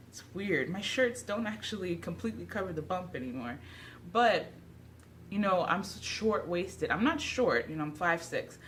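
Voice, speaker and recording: A woman's voice: lowish voice, fairly bright tone, slight background noise. A young pregnant woman chatting casually to camera in a vlog, a little out of breath and self-deprecating. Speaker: vlogger. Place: at home indoors.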